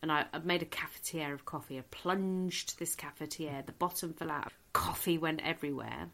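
A woman's voice: low voice, moderate pace, creaky. Lady comedian telling a funny story on a podcast, laughs a lot, middle-aged. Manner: lively storyteller, laughs through her own story. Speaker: comedian guest. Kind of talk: comic anecdote in a podcast chat.

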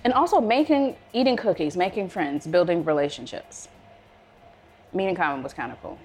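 A woman's voice: lowish voice, normal speed, faint music behind. A woman from Chicago, a wine consultant, telling stories in a casual vlog and acting out the voices of people in them. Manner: animated, acts out quoted voices.

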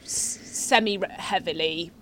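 A woman's voice: lowish voice, slow pace, fairly bright tone, slight background noise. A young woman, chatting casually as a podcast guest, laughing often and swearing offhandedly. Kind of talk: casual chat.

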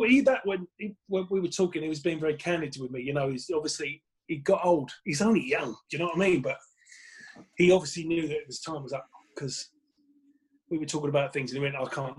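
A man with an Essex accent, a comedian telling lively stories in a casual podcast chat and acting out other people's voices. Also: on the high side. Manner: animated storyteller, acts out other people's voices. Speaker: guest, stand-up comedian.

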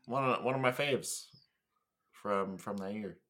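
A man's voice: lowish voice, a little slow, fairly bright tone. A man co-hosting a movie podcast, chatting casually in a playfully exasperated way. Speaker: podcast co-host. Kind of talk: casual chat.

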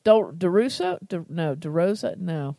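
A chatty American woman in casual conversation, her voice sitting a touch low. She jokes at herself and laughs easily as she talks a recipe through, recorded close and dry with no room around her. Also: very animated, measured pace, gravelly, warm tone, no room sound. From United States. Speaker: cooking podcast host. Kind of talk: casual cooking chat.

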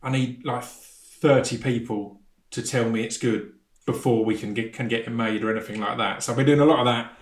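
A man's voice: medium pitch, fairly even intonation, fairly quick, echoey room. A man talking casually as a podcast guest, with a stammer that catches on the first sounds of words. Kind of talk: casual chat.

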